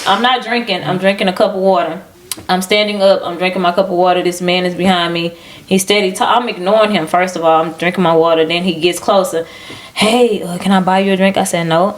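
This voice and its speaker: A woman co-hosting a podcast, telling stories in a lively casual way and acting out what people said. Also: lowish voice, brisk. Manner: animated storytelling, acting out quoted people. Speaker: podcast co-host. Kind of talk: casual chat.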